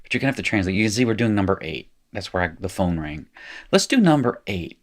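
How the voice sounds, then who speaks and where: A man's voice: on the low side, very animated, fast. A middle-aged man teaching a recorded lesson, chatty and explanatory, thinking aloud as he works.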